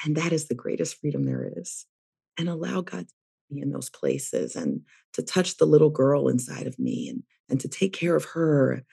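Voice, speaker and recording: A woman's voice: sits low, big pitch swings, fairly quick, vocal fry, warm tone, breathy edge. A middle-aged woman therapist, a guest on a podcast interview, talking in a reflective, emphatic way.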